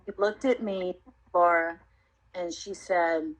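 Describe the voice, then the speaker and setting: A woman sharing her personal testimony in an interview, telling her story earnestly and reflectively, with many pauses and fillers. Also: on the low side, steady tone, rough recording.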